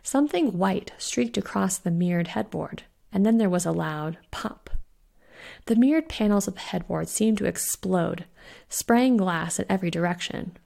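A woman, the author, reading her own spooky short story aloud with steady narration. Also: mid-range voice, moderate pace, gravelly. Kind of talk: scripted narration.

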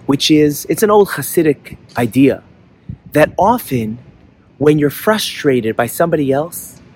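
A man's voice: fairly high pitch, expressive, measured pace, husky. A man hosting an inspirational talk outdoors, telling a story in an earnest way and acting out the voices in it. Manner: earnest storyteller who acts out voices in the tale. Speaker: host of an inspirational talk show.

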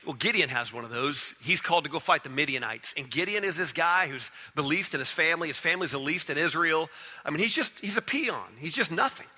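A man preaching a sermon, retelling stories in an animated way and acting out their characters. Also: fairly high pitch, a little fast, in a large hall. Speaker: pastor.

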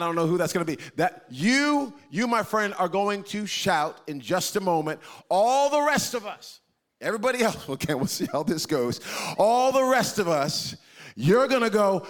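A man preaching a sermon as pastor, talking in an animated, conversational way with jokes and interaction with his live and online congregation. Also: high-pitched.

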